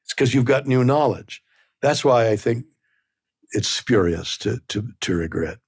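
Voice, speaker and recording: A man in his nineties from Canada, a guest in a casual interview, talking haltingly and repeating words as he searches for phrasing. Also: medium pitch, lively intonation, slightly rough, no room sound, clean studio sound. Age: 90s.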